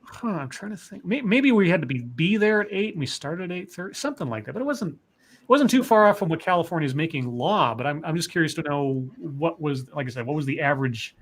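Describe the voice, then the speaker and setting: A man's voice: a little high, lively intonation, fairly quick. A man hosting a podcast, talking casually and musing aloud with questions and restarts. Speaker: podcast host. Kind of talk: casual chat.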